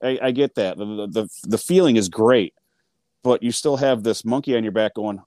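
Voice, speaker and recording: A man co-hosting a casual hockey chat, excitable and full of fillers, acting out his own reactions. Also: lowish voice, moderate pace, dry recording. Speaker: sports podcast co-host.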